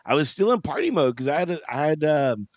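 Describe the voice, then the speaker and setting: Man, podcast co-host, fairly high voice, very lively pitch, rambling casual storytelling, laughs a lot, dry close sound. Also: fast, dry recording. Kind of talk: casual chat.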